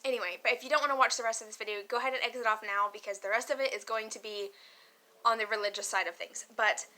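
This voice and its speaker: Young female vlogger, casual and emotional, bright, slightly high voice, lots of fillers and laughs. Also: fairly even intonation, fast. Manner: chatty, emotional, laughs often, many fillers. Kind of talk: casual chat to camera.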